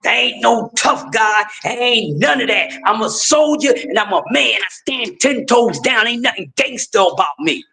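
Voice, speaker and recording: A middle-aged man, hosting a livestream in a high-pitched voice. He preaches with fierce emphasis, swinging between shouting and hushed pleading. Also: animated, normal speed, gravelly, few pauses. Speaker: livestream host. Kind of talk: impassioned livestream rant.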